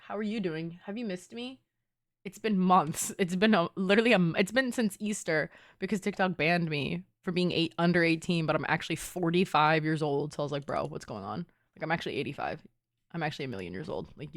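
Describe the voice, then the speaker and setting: A woman in her twenties, a streamer chatting casually and playfully with her live chat, teasing and filling her talk with "like". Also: lowish voice.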